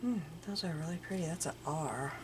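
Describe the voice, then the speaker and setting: An older woman chatting casually at home as she shows off her craft finds, musing aloud and sometimes dropping into soft murmurs. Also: low voice, lively intonation, a little fast. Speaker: crafting vlogger. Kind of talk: casual show-and-tell chat. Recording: audible background noise.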